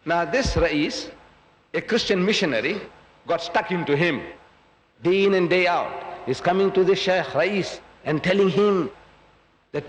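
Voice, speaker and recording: A man's voice: high-pitched, measured pace. A man giving a public lecture, telling a story and acting out its voices. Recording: echoey hall.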